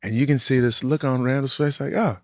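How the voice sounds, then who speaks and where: A man's voice: mid-range voice, fast talker, no room sound, clean studio sound. A man in a casual podcast chat, telling story scenes animatedly and acting out the lines. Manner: animated storyteller, acts out quotes. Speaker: podcast panelist.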